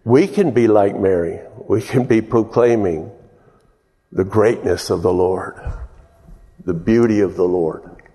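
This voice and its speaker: Man preaching slow and folksy, laughs along, lots of hall echo around him. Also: lowish voice, husky. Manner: folksy storytelling, chuckles, rises to loud exclaims. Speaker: pastor. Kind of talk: sermon. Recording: long hall reverb.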